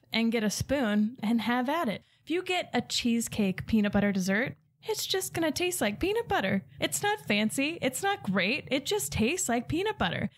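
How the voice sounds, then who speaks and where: A woman guest comedian delivering an exasperated, incredulous comic rant. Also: fairly high pitch.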